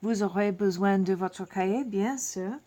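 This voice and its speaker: A woman teaching a French lesson, explaining slowly and repeating each phrase in both languages, with self-deprecating asides. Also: medium pitch, dark tone. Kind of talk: classroom lesson.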